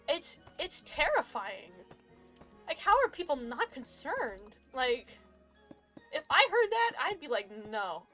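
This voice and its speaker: A woman's voice: on the high side, a bit bright. A woman streamer chatting casually and rambling, joking and laughing often. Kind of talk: casual chat.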